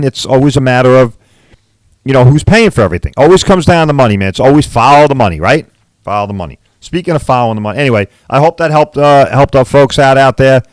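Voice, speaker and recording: A man's voice: mid-range voice, dry recording. A middle-aged man, a body shop owner hosting a podcast, talking bluntly and repeating "all right" and "right?" as he rants. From Long Island, New York. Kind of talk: casual podcast rant.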